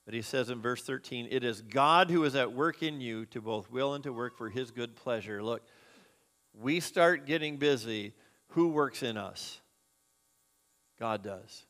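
A man's voice: medium pitch, unhurried, a bit bright. A man preaching a sermon as a pastor, earnest and conversational, asking the congregation questions. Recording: long hall reverb.

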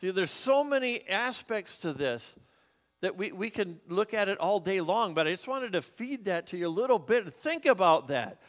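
A man's voice: sits high, very animated, normal speed. A man preaching a sermon as a pastor, earnest and conversational, asking the congregation questions. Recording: long hall reverb.

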